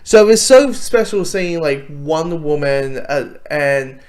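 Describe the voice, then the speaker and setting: Young guy rambling excitedly about a cartoon, kinda high voice, lots of restarts. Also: slow. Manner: rambling, enthusiastic, many restarts and fillers. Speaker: video reviewer. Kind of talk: casual unscripted review.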